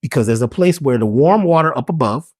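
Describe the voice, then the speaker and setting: Brisk and medium-pitched with lively intonation, this man's voice is darkish with a breathy edge. Interviewed as a spiritual healer and herbalist, he teaches in a preacherly, emphatic style, firing rhetorical questions and slang, recorded studio-quality without echo.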